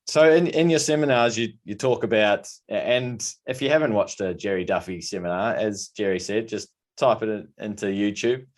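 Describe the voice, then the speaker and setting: A man's voice: fairly low pitch, normal speed, hardly any pauses. A man hosting a podcast interview, often repeating words as he starts sentences. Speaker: podcast host. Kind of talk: casual interview.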